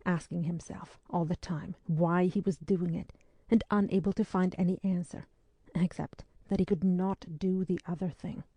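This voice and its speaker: A woman narrating a historical adventure audiobook in a measured, steady storytelling manner. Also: on the low side, dry recording.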